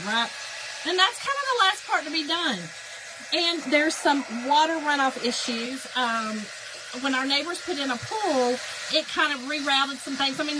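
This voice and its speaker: A middle-aged woman, telling a story to her viewers in a casual, animated way and laughing often. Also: high-pitched, background noise. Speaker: crafting livestream host.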